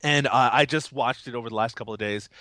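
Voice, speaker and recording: A male podcast co-host, still recovering from a cold, chats in a casual, rambling, enthusiastic way and laughs often. His medium-pitched voice has a sharp tone and a quick pace, with no echo.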